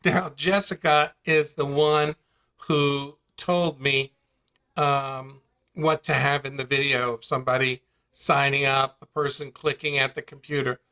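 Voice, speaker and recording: Slow, chatty man demoing software. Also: mid-range voice, flat delivery, clear, resonant tone. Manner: chatty salesman, rhetorical questions, uneven emphasis. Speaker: host presenting an online tool demo. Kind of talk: casual live demonstration on a call.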